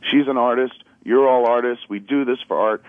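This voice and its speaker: A man calling in to a radio show, rambling and animated, acting out little quoted voices as he tells his stories. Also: medium pitch, a little fast, no echo. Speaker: caller. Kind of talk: casual radio chat. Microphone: phone call. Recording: tinny phone line.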